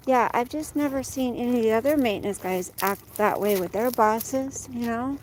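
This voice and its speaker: A woman's voice: on the high side, normal speed, darkish tone, slight background noise, poor audio. A woman chatting casually while walking her dog, venting about work and breaking off to coax the dog along. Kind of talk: casual chat. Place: outdoors on a street.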